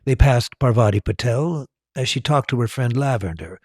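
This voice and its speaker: A man narrating a story slowly and with animation, as a storyteller and tour guide. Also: medium pitch, lively intonation, darkish tone, husky, no echo, studio quality.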